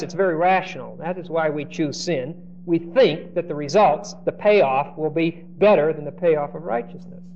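This high-pitched male preacher works through a Bible passage verse by verse in an animated style, acting out the words of the story's characters. He tends to repeat words as he begins a thought. The audio is muffled and lo-fi, with a faint hiss underneath.

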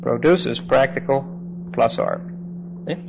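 A man's voice: mid-range voice, wildly swooping pitch, measured pace, creaky. A man preaching a teaching sermon, explaining verse by verse in an emphatic, explanatory way and often checking in with "okay?". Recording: dull lo-fi recording, faint background noise.

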